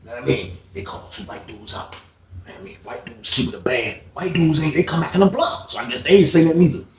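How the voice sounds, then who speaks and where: A man's voice: on the high side, expressive, fast, roomy sound, crowd noise. A man casually telling a story from his time in jail, swearing freely and often asking "you know what I mean".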